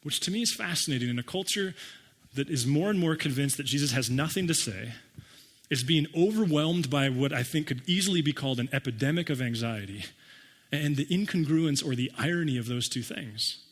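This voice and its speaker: A pastor preaching a conversational sermon, acting out listeners' reactions with wry humor. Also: male voice, fairly high pitch, a bit bright, slightly rough, long reverb tail. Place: church sanctuary.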